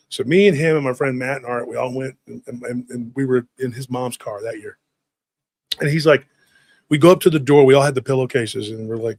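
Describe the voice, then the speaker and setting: A man's voice: medium pitch, no room sound. A man in his forties, a podcast host telling a funny childhood story, acting out the people in it and saying "dude" a lot. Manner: acts out voices of people in his stories, swears casually, says "dude" often. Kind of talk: animated storytelling.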